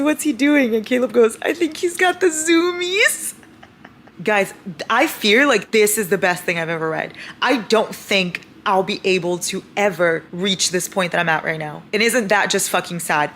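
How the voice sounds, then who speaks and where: A young woman vlogging at home about her reading, gushing, excitable and swearing a lot. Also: medium pitch, normal speed, a little hiss or hum. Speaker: book vlogger. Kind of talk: casual reading vlog.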